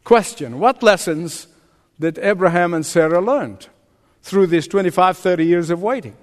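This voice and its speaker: A man's voice: sits high, normal speed. An older man preaching a sermon as pastor, emphatic and drawing responses from the congregation. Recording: long reverb of a large hall.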